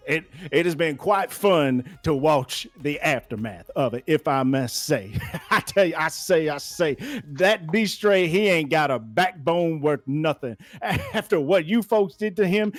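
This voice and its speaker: A man doing a jolly Southern gentleman. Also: fairly high pitch, lively intonation, measured pace, no echo. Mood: jovial. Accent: American Southern. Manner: folksy drawl, repeats "I say, I say", chuckles often. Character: boisterous Southern gentleman, jovial and chatty. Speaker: game master.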